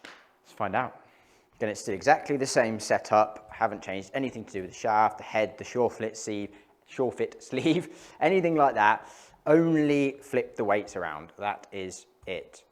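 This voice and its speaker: A man's voice: on the low side, lively intonation, normal speed. Chatty man testing golf drivers. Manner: chatty, thinking aloud between shots. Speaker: golf club tester. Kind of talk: casual hitting commentary. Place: indoor golf studio.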